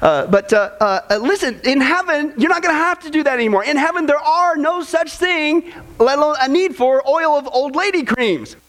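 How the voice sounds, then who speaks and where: A man preaching a sermon to a congregation, telling jokes and stories in an animated way. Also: very high-pitched, normal speed. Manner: animated, joking storyteller. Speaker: pastor. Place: church before a congregation.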